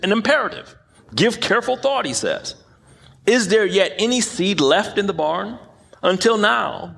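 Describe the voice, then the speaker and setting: A man's voice: a little high, gravelly, a bit bright. A man preaching a sermon in an emphatic way, often repeating phrases and tripping over his words. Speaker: pastor.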